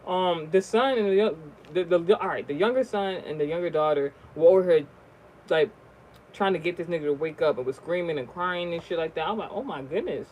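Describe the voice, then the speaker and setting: A vlogger telling a personal story in a casual, rambling way, swearing often and restarting sentences, with the voice jumping high and loud at the shocking moments. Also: fairly quick, slight background noise, low-quality recording. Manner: rambling, profane, many fillers and restarts.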